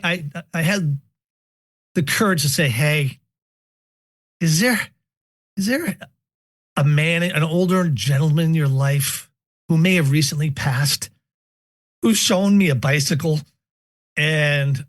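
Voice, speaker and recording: Man, husky voice, slightly high for a man, casual storytelling, animated, dry close sound. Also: no room sound. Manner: animated, joking, repeats words when excited. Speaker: podcast guest telling paranormal experiences.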